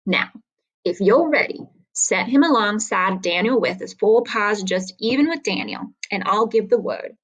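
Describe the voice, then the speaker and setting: A sly frontier gambler drawls his offhand boasts in a folksy way, voiced by a woman reading a story aloud. His tone is easy and careless, with a mid-range pitch. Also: lively intonation, unhurried.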